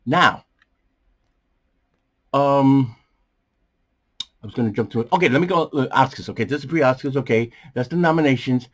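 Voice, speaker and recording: A man hosting a movie review show from a small bedroom studio, talking in a rambling, animated way with many fillers and a strained, coughing voice. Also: medium pitch, moderate pace, long pauses. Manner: animated, jumps around, many fillers and restarts. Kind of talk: casual rambling commentary.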